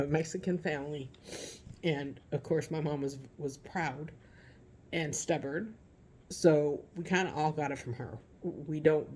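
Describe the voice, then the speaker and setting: A woman giving a casual, heartfelt vlog update from home about caring for her father, talking haltingly with many restarts, teary at times. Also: low-pitched, darkish tone, a little hiss or hum.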